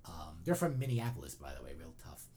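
A man's voice: very deep voice, big pitch swings, fairly quick, a crowd in the background. A man hosting a podcast in casual chat, joking and opinionated with lots of asides. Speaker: podcast host.

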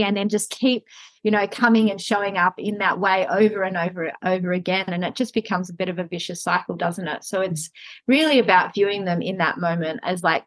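A woman's voice: medium pitch, steady tone, moderate pace, no echo. A woman guest in a casual podcast conversation, speaking thoughtfully and hesitantly, with many "you know"s.

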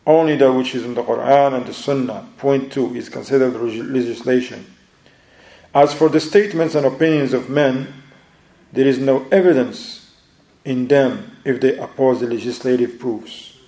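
A man's voice: mid-range voice, normal speed, mellow, reverberant. A man teaching a religious book study, explaining step by step, checking in with his listeners, and mixing Arabic phrases into non-native English. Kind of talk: religious lesson.

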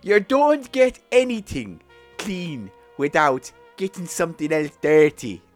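A man's voice: on the high side, sing-song, a little slow, faint music behind, pitched above the performer's own voice. A man putting on a broad, stereotyped Irish accent, playing a jolly sing-song Irishman. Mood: hammy.

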